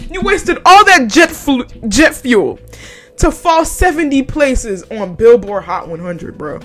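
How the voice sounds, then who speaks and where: A woman's voice: high-pitched, slow pace, soft background music. A young woman hosting a podcast, chatting casually with lots of swearing and frequent laughter. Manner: profane, animated, laughs often. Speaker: podcast host. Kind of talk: casual chat.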